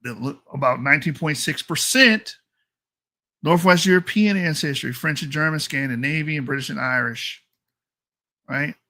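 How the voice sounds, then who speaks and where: High, bright-voiced man ranting bluntly. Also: moderate pace, no echo, studio quality. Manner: blunt, mocking and profane. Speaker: channel host. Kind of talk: ranting commentary reacting to DNA results.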